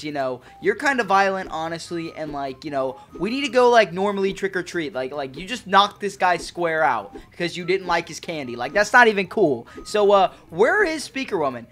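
Hyped gaming host rambling in slang over a game, bright voice, faint game music behind. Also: mid-range voice, normal speed, hardly any pauses. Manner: excitable, chatty, heavy slang. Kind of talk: let's-play commentary.

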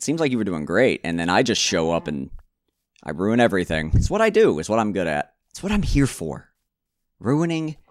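A man's voice: low-pitched, no room sound, clean studio sound. A man casually commentating his own gameplay, rambling and talking to himself, with frequent stammered restarts and jokey self-mocking asides. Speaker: gaming channel host.

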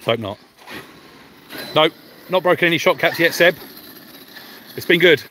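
A man's voice: on the high side, measured pace, sharp tone, a little hiss or hum. A man hosting a live stream outdoors, chatting casually and reading out viewer comments while driving RC cars.

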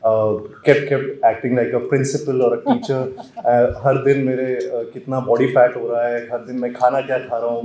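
A man's voice: mid-range voice, warm tone. Hesitant Indian man in an echoey hall. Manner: hesitant, many fillers and restarts. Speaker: actor answering press questions. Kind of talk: casual press conference answers. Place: large hall at a press meet. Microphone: handheld mic.

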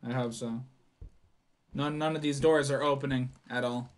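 A young man playing a horror game for his channel, reading the notes aloud, swearing and yelling when startled. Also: medium pitch, fairly even intonation, normal speed. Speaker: gaming YouTuber. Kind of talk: horror game let's play commentary.

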